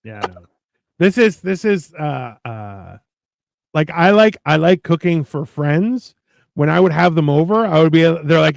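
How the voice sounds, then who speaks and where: A man's voice: a little high, unhurried, vocal fry, no room sound. A middle-aged man co-hosting a cooking stream, chatting casually, swearing and acting out the lines of people in his stories. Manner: animated storyteller, swears, acts out quoted lines. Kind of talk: casual chat while cooking.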